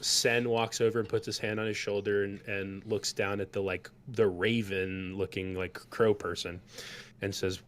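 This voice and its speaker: Low-voiced, rambling game master. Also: male voice, level tone, normal speed, a little hiss or hum. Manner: loose, rambling with many fillers. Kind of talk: narrating a tabletop game.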